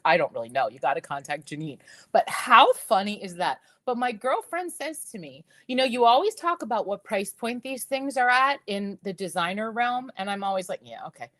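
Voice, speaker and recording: A woman in her fifties hosting a live jewelry sales stream, telling stories in a lively, laughing way and talking straight to her viewers. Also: mid-range voice, no echo. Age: 50s. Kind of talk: chatty live-stream storytelling.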